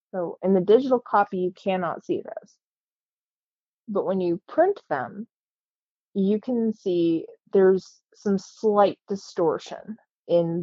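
A woman with a lowish voice tells a personal story in casual, halting speech, full of fillers. She sounds earnest throughout. The recording is dry and a little dull. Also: a little mellow, dry recording.

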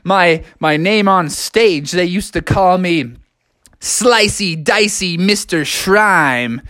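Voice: mid-range voice, takes it slowly. A storyteller voicing a strict, showy male schoolteacher who scolds and raps in rhyme in a children's storybook. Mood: nostalgic. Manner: rhyming, bossy, bursts into shouts. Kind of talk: children's storybook read-aloud.

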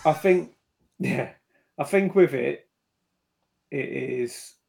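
A man co-hosting a podcast in casual chat, talking hesitantly with many pauses and restarts. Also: mid-range voice, creaky, darkish tone. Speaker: podcast co-host.

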